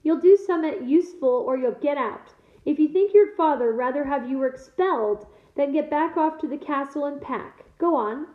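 A woman reading aloud to her class and voicing a gruff, commanding half-giant gamekeeper with blunt country speech, in an echoey room heard over a thin, phone-like line. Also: high voice, normal speed, few pauses, pitched above the performer's own voice, natural voice. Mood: stern.

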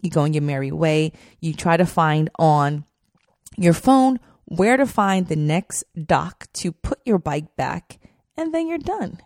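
A young woman telling a personal story in a chatty, animated way, full of fillers. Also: deep voice, measured pace, dry recording, studio quality. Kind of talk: casual storytelling.

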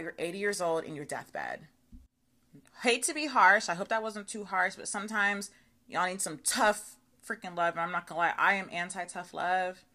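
A young adult woman hosting her own podcast, talking casually and swearing freely, with lots of "okay" and "y'all". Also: on the low side. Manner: chatty, animated, swears freely, says okay and y'all a lot. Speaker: podcast host. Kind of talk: casual solo podcast monologue.

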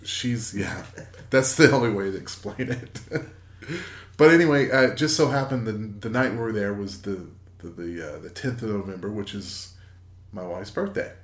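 A man in his forties, a podcast co-host, telling a casual story in a rambling, halting way with many fillers and restarts. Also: lowish voice. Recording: echoey room.

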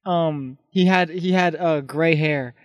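A young man co-hosting a podcast in casual chat, telling animated stories and swearing a lot. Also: on the high side, slow, no room sound, muffled recording. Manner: animated, swearing, excitable storyteller. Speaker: podcast co-host.

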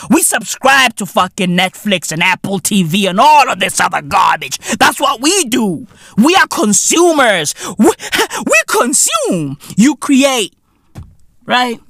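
A man's voice: very high-pitched, creaky, a bit bright, no echo, clean studio sound. A man hosting a podcast in a comedic rant, profane and boastful, full of slang and laughing at his own jokes. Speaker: podcast host.

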